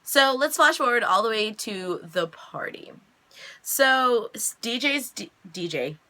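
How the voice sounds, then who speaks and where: A young woman casually recapping a TV episode, chatty and animated, jumping high in pitch when she quotes the characters. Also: measured pace. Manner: chatty, animated quoting with big pitch jumps. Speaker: reaction vlogger recapping an episode.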